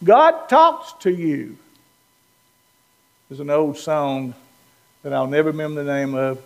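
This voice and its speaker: A high-voiced man preaches in a church, with long reverb trailing each phrase. He is animated and playful and acts out the lines of the Bible figures he quotes. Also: a little slow, gravelly. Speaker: pastor. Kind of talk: sermon.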